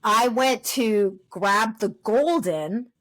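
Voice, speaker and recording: Lively middle-aged woman telling stories. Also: a little high, drawn-out words. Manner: lively storyteller who acts out quoted voices. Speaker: dog trainer guest. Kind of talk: casual podcast interview.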